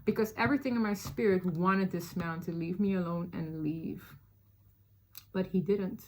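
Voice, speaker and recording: Brief: woman, lowish voice, chatty storytime vlogger, lots of "like" and "y'all". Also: moderate pace. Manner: animated, chatty, many fillers, addresses listeners as y'all. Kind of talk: casual storytime chat.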